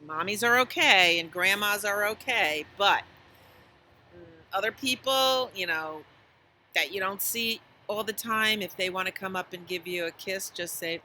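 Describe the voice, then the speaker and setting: A woman librarian reading a picture book aloud to young children, doing animal sounds in an animated way. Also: medium pitch, a little slow, slight background noise. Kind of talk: storytime read-aloud. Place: library storytime.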